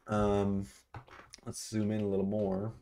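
A young man thinks aloud through stock charts in a loose, chatty screen-share commentary. His voice sits a little low, and he takes his time, with plenty of ums and little bursts of excitement. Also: a little slow, vocal fry, slight background noise. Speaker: stock market vlogger.

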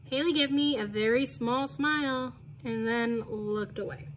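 A woman's voice: a little high, measured pace, a bit bright, a little hiss or hum. A woman teacher reading a children's novel aloud to her class, playful and laughing at her own slips in casual asides.

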